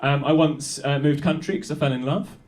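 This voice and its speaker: A young man doing high-energy stand-up comedy in a small club, chatting with the crowd and laughing often. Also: fairly even intonation, fairly quick, darkish tone. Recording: live club recording with audience. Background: audience laughing and applauding.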